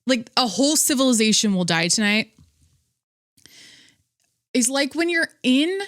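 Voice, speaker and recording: A young woman hosts her own podcast solo, her slightly high voice captured with studio quality and no echo. She chats casually and rambles, breaking off sentences and often laughing between thoughts.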